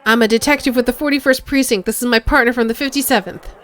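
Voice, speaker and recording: A woman's voice: a little high, fairly even intonation, fast, a bit bright, pitched above the performer's own voice, close to an everyday voice. A woman reading the lines of a male detective in a video game, earnest and pleading. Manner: pleading, reasonable. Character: rumpled male detective, the player character.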